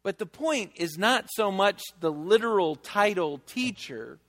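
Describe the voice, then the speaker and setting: A man preaching a sermon as pastor, conversational and emphatic, slowing down to stress key phrases. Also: high-pitched, expressive, fairly bright tone. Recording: long reverb of a church hall.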